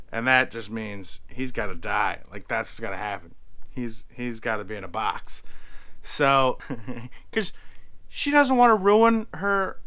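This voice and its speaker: A young man casually recapping a TV season, chatty and animated, acting out characters' lines. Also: mid-range voice, clean tone. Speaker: video reviewer.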